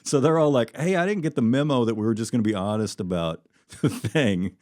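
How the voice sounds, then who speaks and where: A man's voice: medium pitch, brisk, a little mellow, no room sound, clean studio sound. A man hosting a podcast in casual chat, rambling and laughing often, his sentences trailing off. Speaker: podcast host.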